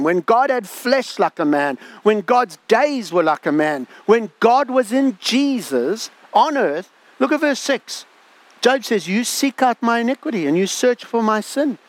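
Dramatic preacher man, high, lively. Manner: dramatic, swings from soft drawn-out phrases to emphatic outbursts. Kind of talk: sermon.

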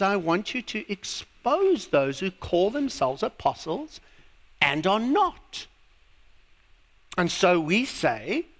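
A man's voice: sits high, a bit bright. A South African man preaching a sermon as pastor, emphatic and drawing out his words. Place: church hall. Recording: long reverb of a church hall.

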